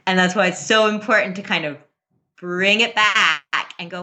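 A woman in her thirties in casual conversation about parenting, earnest and quick to laugh, with many restarts. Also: fairly low pitch, sharp tone. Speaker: parent guest. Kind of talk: casual podcast chat.

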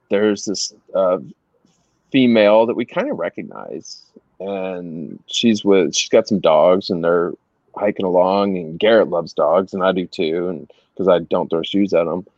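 A middle-aged man casually telling anecdotes as a guest, animated and laughing as he goes. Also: low voice, slow, dry recording. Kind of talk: casual storytelling. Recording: dry, slightly dull sound.

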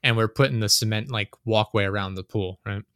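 A man's voice: on the low side, fast talker, fairly bright tone, clean tone, dry recording, clean studio sound. Rambling, swearing young man telling stories. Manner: rambling storyteller, swears a lot, laughs often. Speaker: podcast host. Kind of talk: casual chat.

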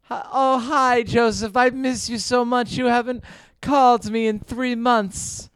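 A man's voice: very high voice, fairly even intonation, a little slow, fairly bright tone, clean tone, no room sound. A man voicing a melodramatic older immigrant mother who speaks in broken English and lays on the guilt. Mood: fussing.

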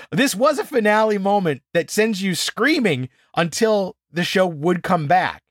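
A man co-hosting a podcast in casual chat, animated and exasperated, swearing freely and acting out scenes as he reviews an episode. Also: high voice, unhurried, hardly any pauses, dry recording, studio quality.

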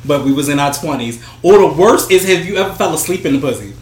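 A man's voice: a little high, animated, fast, darkish tone. A man hosting a podcast in a laid-back, agreeable way, often laughing along. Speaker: podcast host. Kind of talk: casual chat. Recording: roomy echo with faint noise.

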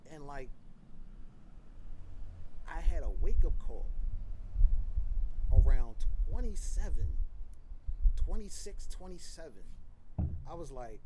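A man's voice: on the high side, sing-song, a little slow, pauses often, warm tone, a little hiss or hum, low-quality recording. A man talking as a podcast guest, telling candid, profane stories in a loose, casual way. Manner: loose, conversational, frequent "like" and "you know".

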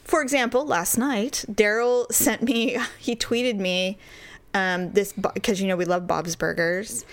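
A woman co-hosting a casual chat, telling stories in an animated way and acting out the voices of people she quotes. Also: mid-range voice, unhurried. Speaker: podcast co-host.

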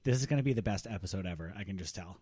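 A man playing a blunt, deadpan teenage son in an improvised comedy scene. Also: sits low, racing, slightly rough, dry recording. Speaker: comedy podcast host.

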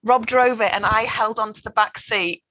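A woman from England co-hosting a podcast, chatting casually and telling funny stories with animated delivery and frequent laughter. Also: on the high side, moderate pace. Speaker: podcast co-host. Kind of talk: casual chat.

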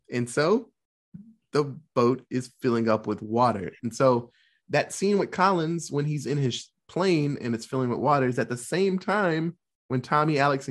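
A man casually retelling a war film's plot, swearing freely and jokingly acting out the characters' lines. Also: mid-range voice. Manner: profane, jokey, animated retelling with put-on quotes. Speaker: podcast co-host recapping a film. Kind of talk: casual chat.

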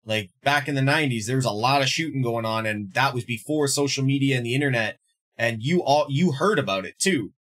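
A man's voice: mid-range voice, fairly quick, a bit bright. A male podcast host asking rambling, hesitant questions in a casual interview.

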